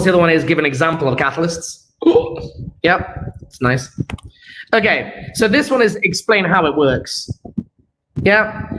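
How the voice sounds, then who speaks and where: A man's voice: fairly high pitch, a bit bright, a little hiss or hum, low-quality recording. A young man teaching an exam revision lesson, playful and jokey, walking through answers and checking that his students follow along. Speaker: chemistry teacher.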